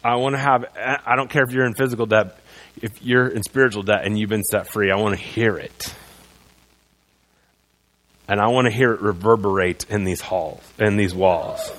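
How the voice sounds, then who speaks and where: A man preaching a sermon as pastor in a church, moving between loud proclamation and quiet earnest passages. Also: fairly low pitch, steady tone, moderate pace. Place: church sanctuary.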